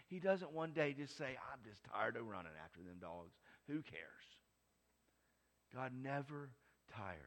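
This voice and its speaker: A middle-aged man preaching a sermon, moving from soft, hushed lines to loud, emphatic ones. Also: fairly low pitch. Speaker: pastor.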